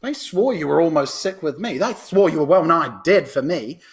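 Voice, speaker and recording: A man voicing a sharp-tongued, witty young noblewoman, raised and teasing. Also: lively intonation. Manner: quick, teasing, raised pitch.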